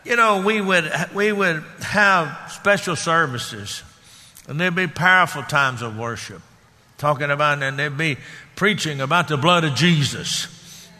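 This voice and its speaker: A man preaching in a folksy, conversational manner, his voice bright and forceful. He sits slightly high for a man, and a long reverb from the church hall trails his words. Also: a little slow. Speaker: pastor. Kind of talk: sermon.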